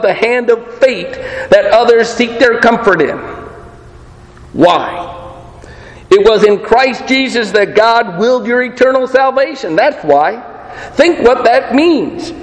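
Male pastor, high voice, emphatic sermon delivery, echoey church hall. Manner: emphatic preaching with rhetorical questions and slow dramatic pauses. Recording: roomy hall reverb.

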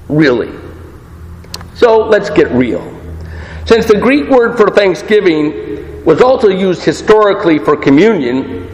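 A man preaching a sermon, emphatic, with rhetorical questions and slow, dramatic pauses. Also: sits high. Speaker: pastor. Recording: roomy hall reverb.

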